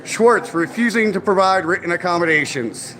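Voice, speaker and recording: A man's voice: high voice, animated, moderate pace, bright, forceful tone. A man confronting officials on camera, formally polite yet insistent and sarcastic, repeating 'sir' and 'ma'am'. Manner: sarcastic, needling. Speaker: activist filming an encounter with officials. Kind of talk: confrontational filmed exchange.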